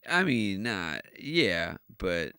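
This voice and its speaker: Bright, dry-voiced podcast host man. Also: deep voice, very animated, extremely slow, clear, resonant tone, no echo. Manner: laid-back, profane, drifts into earnest reflection. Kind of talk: casual podcast chat.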